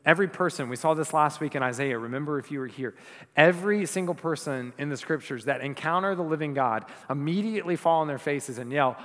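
A man's voice: on the high side, fast talker. Preaching man in a reverberant church. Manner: swings from loud emphatic preaching to soft hushed speech. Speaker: pastor. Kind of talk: sermon.

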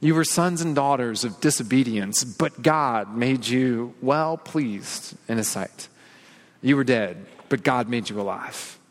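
A man's voice: mid-range voice, unhurried, big-room sound. A man preaching an earnest, confessional sermon, leaning on repeated phrases and rhetorical questions. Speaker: pastor.

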